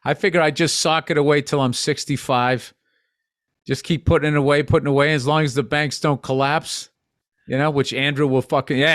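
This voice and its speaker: Blunt fifty-something man, slightly high voice. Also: fairly even intonation, a little fast, a bit bright, no echo, clean studio sound. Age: 50s. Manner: blunt and profane, rambling asides. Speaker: comedian and podcast co-host. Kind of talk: casual podcast chat.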